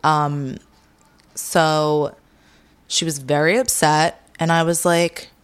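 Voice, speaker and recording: Frank young woman, low voice. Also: slow, smooth. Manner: frank, animated when retelling talks. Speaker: interview guest, dominatrix. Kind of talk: candid interview conversation.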